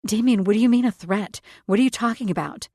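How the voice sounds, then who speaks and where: A woman's voice: medium pitch, moderate pace, dark tone, husky, dry recording, clean studio sound, voice pushed up, natural voice. A woman voicing a frightened young heroine who asks raised, anxious questions in an audiobook.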